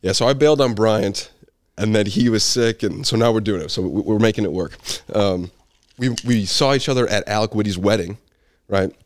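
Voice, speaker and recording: A man's voice: on the low side, moderate pace, no room sound, studio quality. A young man hosting a podcast, sounding a little congested, asking questions in an easygoing, joking way. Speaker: podcast host. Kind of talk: casual chat.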